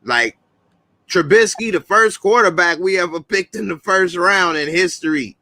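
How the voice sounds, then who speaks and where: A call-in show host with a fairly high, bright, forceful voice argues his sports opinions in an animated, slangy way at a moderate pace. The sound is dry and close, with no room echo.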